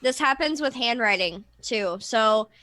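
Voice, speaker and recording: A woman's voice: a little high, animated, a little slow, sharp tone. A woman who works with clients, talking openly and explaining things in casual chat. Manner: open, explanatory, many fillers. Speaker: therapist.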